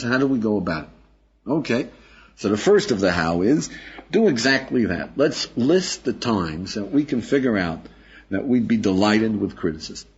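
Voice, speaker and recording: A man's voice: mid-range voice, husky. A man teaching as a rabbi in an informal, conversational lecture, acting out everyday scenes and keeping the class with him through constant questions. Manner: conversational, keeps asking "right?" and "yeah?"; lively, acts out everyday scenes. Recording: dull lo-fi lecture recording.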